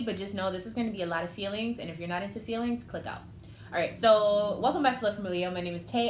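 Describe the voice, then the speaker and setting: Young female tarot reader, chatty and emotional, in an echoey room with faint ambient noise. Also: mid-range voice. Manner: emotional, chatty, thinking aloud. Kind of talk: casual tarot reading.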